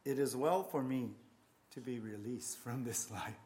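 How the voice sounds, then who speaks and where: A man voicing an aged, frail Christian martyr who speaks calmly and without wavering, quoted slowly and solemnly within a sermon. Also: mid-range voice, close to an everyday voice. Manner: slow, solemn, measured quoting. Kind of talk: sermon storytelling.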